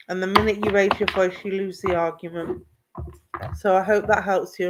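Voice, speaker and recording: A psychic medium giving a live reading, speaking reassuringly and calling the listener pet names like darling and lovely. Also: mid-range voice.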